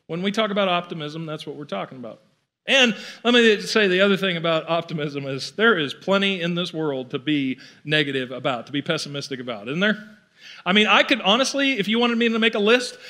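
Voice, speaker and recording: A man's voice: high voice, sharp tone. A male pastor giving a conversational, playful sermon in a church, often acting out the voices of the people he describes. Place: church auditorium.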